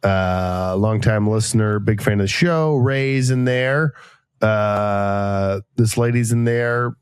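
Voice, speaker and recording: Animated storytelling man, dry sound. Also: slow pace, clear, resonant tone, no room sound. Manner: animated storyteller, acts out quoted voices with jumps in pitch. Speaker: podcast host. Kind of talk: casual storytelling chat.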